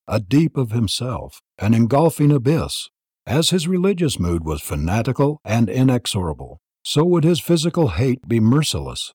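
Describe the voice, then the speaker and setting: A man reading an audiobook in a dramatic, expressive narration style. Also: medium pitch, husky, dry recording, studio quality.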